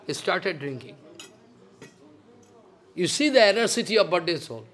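Male spiritual teacher, high voice, emphatic scolding devotional sermon. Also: big pitch swings, normal speed, long pauses, breathy edge. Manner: emphatic and scolding, swinging between loud and hushed. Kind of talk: devotional lecture.

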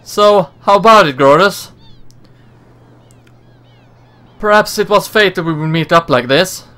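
A man's voice: high-pitched, moderate pace, pushed and bright, voice pushed up. A man voicing a brash young woman in a game, talking cocky and teasing with slangy words. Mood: cheerful.

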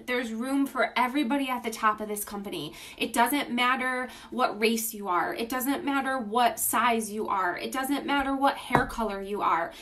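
A woman's voice: a little high, a bit bright. Gushing woman on a phone livestream. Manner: gushing, enthusiastic and informal, reads out viewer names. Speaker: beauty business livestream host. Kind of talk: casual livestream pitch to viewers.

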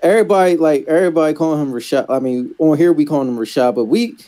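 A man's voice: fairly high pitch, quick pace, dark tone. A man with a Philadelphia accent in a casual review chat, easygoing and explaining. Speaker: podcast co-host.

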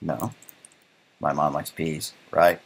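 A man's voice: a bass voice, flat delivery, takes it slowly, gravelly, breathy edge. A man teaching a programming lecture while coding live, thinking aloud in a casual way and often checking in with "right?". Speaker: programming instructor.

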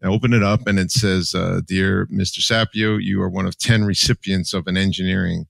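A man's voice: low voice, steady tone, brisk, gravelly, fairly bright tone, dry recording. A man in his sixties from New Jersey, a podcast guest telling his life story candidly and with emotion. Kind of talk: personal storytelling.

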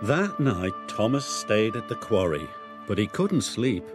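A man narrating a children's cartoon story in an expressive storytelling manner. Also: fairly low pitch, a little slow. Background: music.

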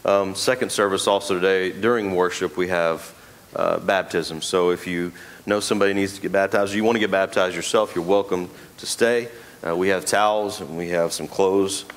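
A man's voice: low voice, steady tone, normal speed. A man preaching a sermon in a church, joking and talking to the congregation in a loose, conversational way. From Texas. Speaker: pastor. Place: church sanctuary.

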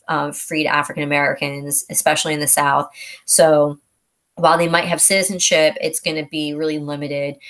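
Woman, teacher, low voice, casual review lesson, conversational, storytelling delivery. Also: a bit bright. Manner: conversational, explains events as a story and acts out short quotes. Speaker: history teacher.

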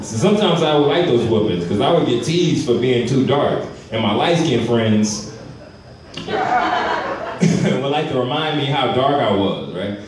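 A young man from Houston, Texas, performing an animated stand-up comedy set. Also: medium pitch, measured pace. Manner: animated, acts out characters in quotes. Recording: roomy club, distant mic, crowd.

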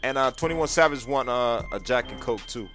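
A man's voice: medium pitch, animated, normal speed, fairly bright tone, soft background music. Pushy man in game roleplay. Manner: pushy, demanding slang.

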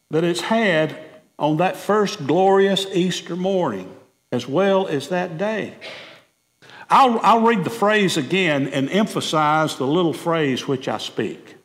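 Pastor, male, slow emphatic sermon delivery, slightly high voice, echoing sanctuary. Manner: emphatic preacher, repeats words and asks questions. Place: church sanctuary. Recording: long reverb of a church sanctuary.

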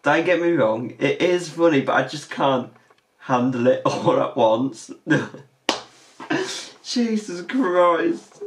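A woman talking to her audience in a casual reaction video. She laughs helplessly and swears freely, and her pitch swings widely while her pace stays unhurried. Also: expressive, a little hiss or hum.

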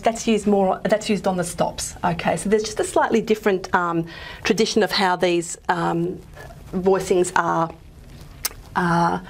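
Creaky, husky-voiced woman lecturing with fillers. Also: medium pitch. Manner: hesitant, many fillers and restarts. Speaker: linguistics lecturer. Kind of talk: recorded lecture.

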